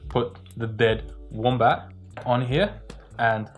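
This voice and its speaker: A man's voice: medium pitch, normal speed, darkish tone, soft background music. A man hosting a casual gear review vlog, joking and explaining, recorded outdoors on a windy day with a lavalier mic. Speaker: video host reviewing filming gear. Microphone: lavalier mic into a phone.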